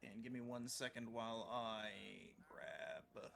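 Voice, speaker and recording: A man running a live tabletop game as game master, joking and lively, sometimes trailing off mid-sentence. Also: medium pitch, slow pace, gravelly. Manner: lively, joking, trails off while searching for words.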